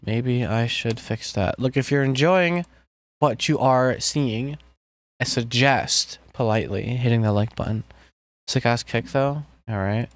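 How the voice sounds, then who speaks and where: A man talks loosely to his live-stream viewers while he builds a track, joking and thinking out loud. His voice sits at an ordinary middle pitch and his tone is relaxed. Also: clear, resonant tone, no echo. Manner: relaxed, jokey, talks to chat while working. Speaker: music producer streaming. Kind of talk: casual live-stream chat while producing music.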